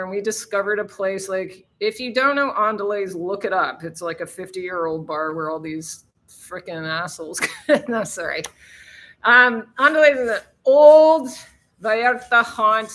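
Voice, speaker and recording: A woman's voice: mid-range voice, fairly bright tone. A woman hosting a casual live stream, chatting with viewers and laughing, who swears freely.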